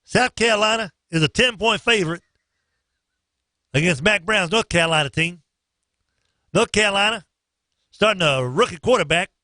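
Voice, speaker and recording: A man's voice: sits high, bright, forceful tone, no echo, studio quality. Upbeat man hosting sports radio. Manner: loose, joking, sings snatches of songs. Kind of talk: morning radio sports picks. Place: radio studio.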